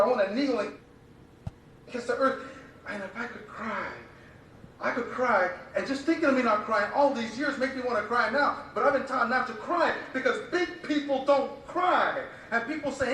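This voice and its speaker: A poet recites a spoken-word poem with an impassioned, rhythmic, repetitive cadence. His high-pitched voice is a bit bright and comes from a distance in a very echoey room, with a little hiss or hum.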